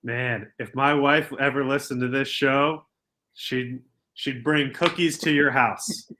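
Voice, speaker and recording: A young adult man co-hosting a podcast, ranting in casual sports banter and swinging from quiet asides to loud outbursts. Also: mid-range voice, fairly even intonation, takes it slowly. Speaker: podcast co-host.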